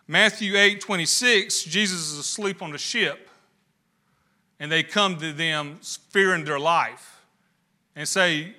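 A man's voice: fairly high pitch, slow pace, pushed and bright. A man preaching a sermon, building emphasis with rhetorical questions. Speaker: pastor.

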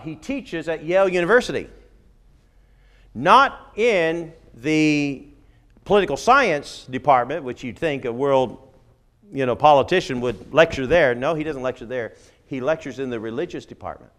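Emphatic middle-aged male lecturer. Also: a little high. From United Kingdom. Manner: emphatic, with frequent "okay?" asides. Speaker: former missionary giving a talk. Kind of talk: conversational lecture on religion.

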